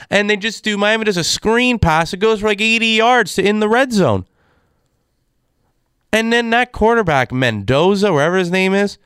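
Man, casual sports rant, exasperated, smooth clear voice, dry close sound. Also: sits high, a bit bright, no echo. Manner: exasperated, ranting. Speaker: sports commentator.

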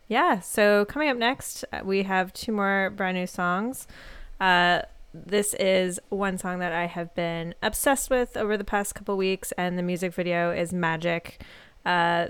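A woman's voice: on the low side, vocal fry, smooth, dry recording. A young woman radio DJ chatting playfully between songs, laughing easily as she talks into a studio microphone.

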